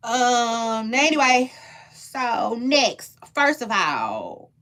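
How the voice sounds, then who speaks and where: Talking extremely slowly, this young adult gossip and entertainment commentator speaks in AAVE with a slightly high, bright, forceful voice whose pitch swoops wildly. She's casual and opinionated with viewers, rambling, repeating words, and often trailing off before finishing a thought.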